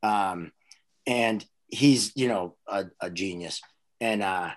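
A comedian, telling stories in casual chat with frequent restarts. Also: male voice, lowish voice, slow. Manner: rambling, animated storyteller with restarts. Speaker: comedian host.

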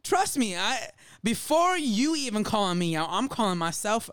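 A man co-hosting a casual faith podcast, animated and laughing, acting out little quoted voices as he talks. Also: high-pitched, normal speed, clear, resonant tone, dry recording. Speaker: podcast co-host.

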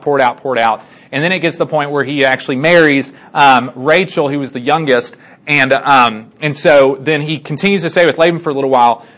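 A man casually retelling a Bible story to a group as their teacher, animated and chatty, with many fillers and asides. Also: on the high side.

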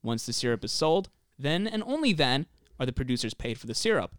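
A man co-hosting a casual podcast, reading prepared facts in an even, steady way and swearing now and then. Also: medium pitch, fairly quick, smooth, dry recording, clean studio sound. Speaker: podcast co-host presenting the story. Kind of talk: casual podcast chat, reading researched notes.

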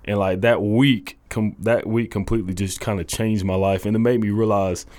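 A young man, a college football coach, telling his faith story in a halting, earnest way full of restarts. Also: on the low side, steady tone, a little mellow, no echo. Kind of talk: casual testimony interview.

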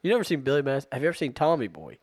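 A man's voice: medium pitch, very animated, rapid-fire, husky, dry recording. Chatty joking male podcast host. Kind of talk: casual chat.

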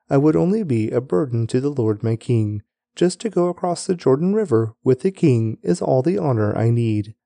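A man reading the lines of a wealthy old man of eighty who gently declines the king's offer, in his own mellow voice. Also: mid-range voice, no room sound, lightly acted.

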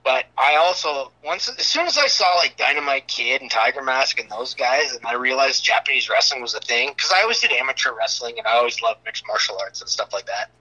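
A man's voice: mid-range voice, animated, brisk, few pauses, pushed and bright, rough recording. A man in his thirties, a wrestler guest, telling stories in loose casual chat with casual swearing.

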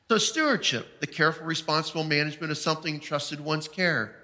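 A man's voice: on the high side, fairly quick, few pauses, bright, forceful tone. A man preaching a sermon, telling his own story with emphatic, heartfelt delivery. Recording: long hall reverb.

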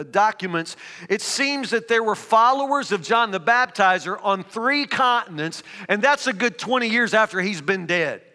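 High, bright-voiced preacher in a hall. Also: male voice. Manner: reads scripture then builds to emphatic, rising preaching. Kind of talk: sermon. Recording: reverberant hall.

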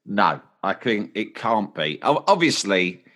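A man, a podcast guest telling long, animated stories and putting on voices for his friends in quotes. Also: lowish voice, unhurried. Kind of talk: casual storytelling.

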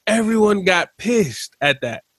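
A man co-hosting a podcast in casual chat, telling stories in a rambling, animated way. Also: sits high, unhurried, no room sound. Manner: rambling, animated storytelling with laughs. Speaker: podcast co-host.

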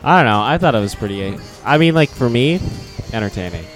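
A man's voice: medium pitch, expressive, a little fast, fairly bright tone, soft background music. A young man co-hosting a podcast, teasing and cracking absurd jokes in casual chat. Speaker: podcast co-host.

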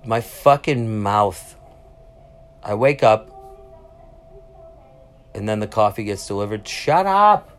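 A man speaks slowly with long pauses in a fairly low voice, hosting a solo podcast from a cruise ship cabin. His storytelling is casual, profane and prone to tangents, and public announcements can be heard behind him.

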